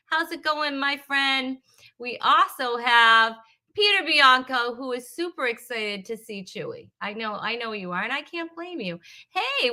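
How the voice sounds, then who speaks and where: On a live comedy stream, a host from Rhode Island greets her viewers, rambling in a teasing, chatty way full of fillers. Her voice is on the high side, pushed and bright.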